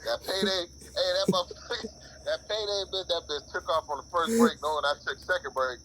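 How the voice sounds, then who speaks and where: A man's voice: sits high, brisk, a little hiss or hum, rough recording. A man telling work stories in casual, profane chat on a podcast. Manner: profane, animated storytelling. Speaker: podcast co-host.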